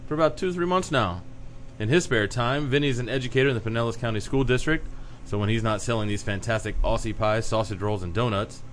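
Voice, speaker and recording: Man, podcast host, friendly intro, casual questions, low voice, faint background noise. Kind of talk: scripted intro, then casual interview.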